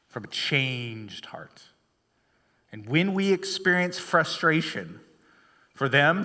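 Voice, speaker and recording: Speaking from a church sanctuary, a male pastor uses a sharp, mid-range voice for a rambling, anecdotal sermon riddled with fillers and restarts. Long hall reverb colors the recording.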